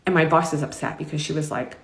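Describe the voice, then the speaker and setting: A woman's voice: low voice, steady tone, fast, creaky. A middle-aged woman with a New York accent tells a long personal story to the camera in a chatty, rambling, emphatic way. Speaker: vlogger. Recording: roomy echo.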